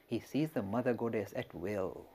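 A male religious lecturer telling a story in an expressive way and speaking directly to his listeners. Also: lowish voice, normal speed, slightly rough.

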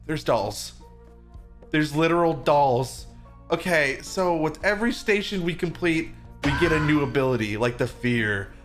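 A young man with a fairly high, very lively voice, hosting a game session with friends. He swings between mock-panicked shrieking and sly low muttering. Faint music plays under him. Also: a little slow. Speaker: gaming video host. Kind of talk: playing a game with friends, comic commentary.

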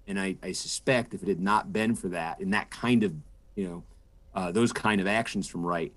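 A man in his forties, a political correspondent, giving thoughtful interview answers with frequent restarts and fillers. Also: fairly low pitch. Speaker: political correspondent and podcast host, guest.

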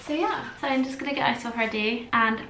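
A young woman talks to camera in a casual, rambling vlog style, leaning on "like" and "literally". She sounds worn out, her fairly high voice carrying a roomy echo from the hotel room, with faint ambience underneath. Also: a little fast, bright, forceful tone, a little hiss or hum. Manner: chatty, fills with "like" and "literally". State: tired. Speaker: lifestyle vlogger.

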